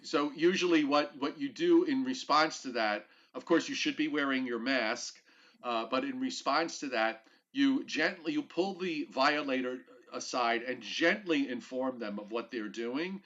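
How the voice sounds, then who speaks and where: A man's voice: medium pitch, measured pace, fairly bright tone. A man hosts a casual weather talk show, wandering through his points with plenty of "uh"s and a dry joking streak. His voice sits in an ordinary middle range, heard through slightly muffled, lo-fi audio. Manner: joking, rambling with many fillers.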